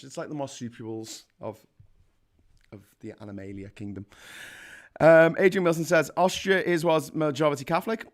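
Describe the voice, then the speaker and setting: A man in his forties hosting a casual history live stream and reading out the chat. He talks in a chatty, jokey way and often restarts his sentences. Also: medium pitch. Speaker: history show host.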